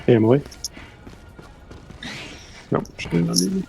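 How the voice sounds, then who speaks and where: A man's voice: a little high, expressive, normal speed, vocal fry, warm tone, faint music behind. A man chatting casually on a voice call, offhandedly talking a friend through computer settings. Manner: offhand, talks someone through tech steps. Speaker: friend on voice chat. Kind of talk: casual chat.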